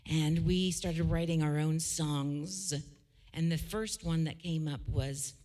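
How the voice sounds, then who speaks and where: A woman's voice: low voice, fairly even intonation, slow pace, dark tone. A woman from Canada, a singer-songwriter, telling stories between songs in a chatty way, often restarting her sentences. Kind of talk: casual storytelling between songs.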